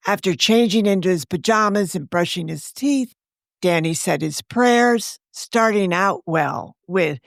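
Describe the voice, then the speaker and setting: Wry, measured woman author narrating; gravelly, dry close mic. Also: fairly low pitch, no room sound. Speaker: author narrating her own story. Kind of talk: scripted storytelling narration.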